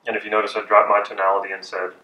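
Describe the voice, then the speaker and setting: A man teaching persuasion techniques in a measured, deliberate way with pauses. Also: fairly low pitch, flat delivery, pushed and bright, muffled recording. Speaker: persuasion and hypnosis instructor. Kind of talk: instructional talk. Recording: echoey room, distant from mic.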